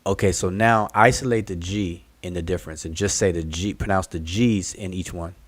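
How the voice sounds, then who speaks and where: A man with a low voice and moderate pace leads a relaxed study group hangout online, thinking aloud and patiently walking through explanations on a video call. There is no echo.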